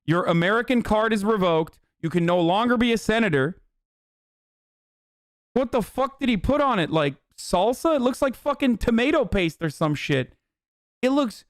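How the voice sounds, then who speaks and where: Male livestream commentator, profane and animated, smooth tone, dead-dry sound. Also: sits high, dry recording. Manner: profane, animated, rambling riffs. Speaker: streamer, political commentator. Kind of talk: casual livestream reaction commentary.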